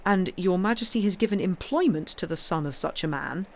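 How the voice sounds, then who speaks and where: A woman's voice: fairly low pitch, lively intonation, a little fast. A woman reading aloud, voicing an eager, loyal older duke at court. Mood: pleading. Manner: earnest, pleading.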